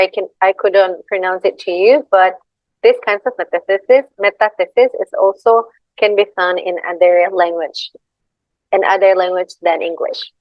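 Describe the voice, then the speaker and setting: Presenting to her class, a young student with an Indonesian accent reads her slides aloud, repeating example words in a hesitant, apologetic manner. Her voice is medium-pitched. There's no room sound, and the audio is a dull, dry lo-fi recording.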